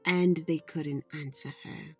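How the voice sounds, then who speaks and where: A woman's voice: deep voice, steady tone, slow, slightly rough, lo-fi sound, soft background music. A woman telling a story to young children in an affectionate way, often checking that they are listening.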